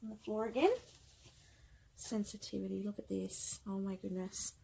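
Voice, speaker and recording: Woman, tarot reader, gentle and emotional, soft reassuring talk, faint background hiss. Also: medium pitch, little pitch movement, normal speed, creaky, poor audio. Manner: gentle, affectionate, emotional, often adds "okay?". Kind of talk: pick-a-card tarot reading.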